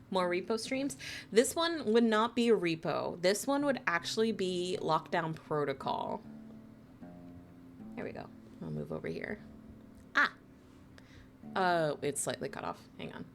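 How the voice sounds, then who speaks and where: A woman from New Jersey chatting casually with viewers on a live stream, playful and teasing, laughing often and swooping high in pitch when excited. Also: slow, gravelly, long pauses, a little hiss or hum.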